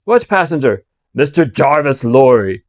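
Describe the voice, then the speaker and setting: A man voicing a hoarse, mud-covered messenger calling out from the mist. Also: mid-range voice, big pitch swings, measured pace, no echo, studio quality. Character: hoarse muddy male messenger rider.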